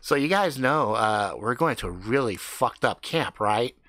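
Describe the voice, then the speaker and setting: A man's voice: medium pitch, lively intonation, a bit bright, dry recording, studio quality. A man voicing a laid-back, streetwise teenage boy who drawls his words. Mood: casual. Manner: slow, drawn-out, full of "like".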